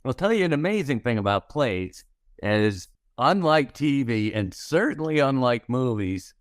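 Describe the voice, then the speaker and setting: A man's voice: medium pitch, very animated, measured pace, no room sound, studio quality. A man in his sixties, a comedy writer, telling wry anecdotes in a podcast interview and acting out the lines of people in his stories. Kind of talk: storytelling interview chat.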